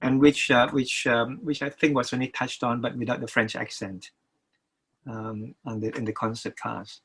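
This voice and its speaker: This interview guest is an older record producer whose medium-pitched voice is level, a bit bright and husky. His speech keeps breaking off and starting over, full of repeated words, and the audio quality is rough.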